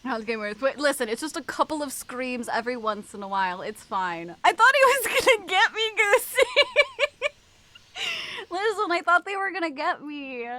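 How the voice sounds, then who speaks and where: Excitable young woman streamer, lively pitch. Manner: excitable, swears often, screams and laughs. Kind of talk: casual gameplay chat with chat.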